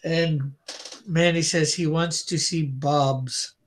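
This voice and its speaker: A man's voice: a little high, steady tone, takes it slowly. A man chatting loosely on a live drawing stream. He reads viewer comments aloud, teases, and laughs easily. The stream is casual and unscripted, with faint background hiss. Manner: laughs often. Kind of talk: casual chat.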